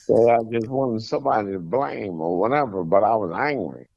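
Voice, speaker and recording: A man's voice: lowish voice, creaky, darkish tone, no echo, muffled recording. An American man, a comedian guest, talking bluntly in casual chat with short replies.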